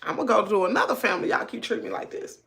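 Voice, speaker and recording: A woman's voice: mid-range voice, animated, rapid-fire, noisy background, lightly acted. A woman voicing a wary young male puppy who grumbles sassy complaints in a raised voice. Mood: wary sulky.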